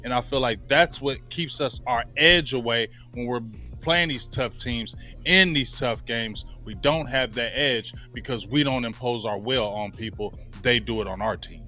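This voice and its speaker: Male sports co-host, passionate and repetitive, bright forceful tone. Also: mid-range voice, normal speed, faint music behind. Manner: passionate, repeats himself for emphasis. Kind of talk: heated casual sports talk.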